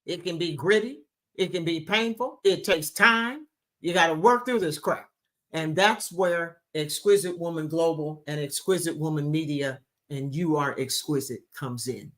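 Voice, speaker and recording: A woman hosting a live talk show, affectionate and emphatic, calling her listeners baby and honey as she reads chat comments. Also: sits low. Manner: emphatic, drawn-out delivery. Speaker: host.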